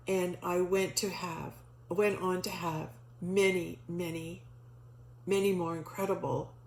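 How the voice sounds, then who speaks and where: A middle-aged woman telling a personal spiritual story in a casual, animated way, acting out the voices she quotes, with many restarts and fillers. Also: fairly low pitch, reverberant, a little hiss or hum, poor audio. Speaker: storyteller sharing a spiritual experience.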